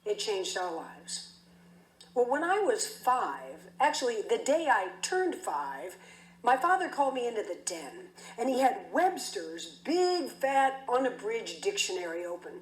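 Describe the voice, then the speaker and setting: A woman's voice: a little high, big pitch swings, measured pace. A woman giving a keynote speech, telling a story in a vivid, dramatic way. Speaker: keynote speaker. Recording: echoey hall.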